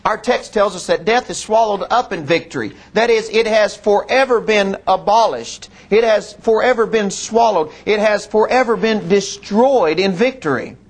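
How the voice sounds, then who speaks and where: A middle-aged man, preaching a sermon and telling a personal story in an earnest manner, slowing and dropping low on solemn lines. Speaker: pastor.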